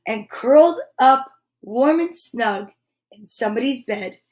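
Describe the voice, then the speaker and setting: A woman, a comedian, reading a picture book aloud in an expressive, dramatic way, with hushed passages. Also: a little high, a little slow. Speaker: comedian and storyteller.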